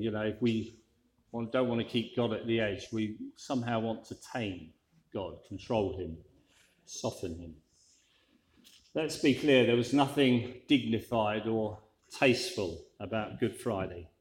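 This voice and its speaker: A man's voice: on the low side, echoey room. A man preaching a sermon in a conversational way, with dry, wry asides.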